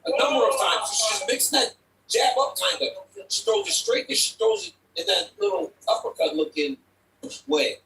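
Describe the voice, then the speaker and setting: A man's voice: very high-pitched, huge pitch swings, moderate pace. A man giving conversational, explanatory color commentary on a fight broadcast. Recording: distant echoey mic with loud noise.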